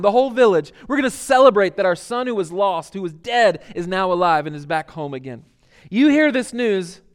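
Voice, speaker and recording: A man preaching a sermon, lively and expressive, acting out the speakers he quotes and dropping to a quiet voice for asides. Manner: animated, acts out quoted characters, repeats words; drops to a low, quiet voice for asides.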